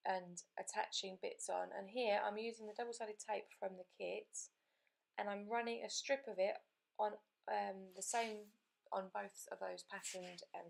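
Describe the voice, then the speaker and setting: A woman's voice: medium pitch, gravelly. A woman hosting a card-making channel, talking through a crafting tutorial voice-over in a chatty way and explaining each step as she goes.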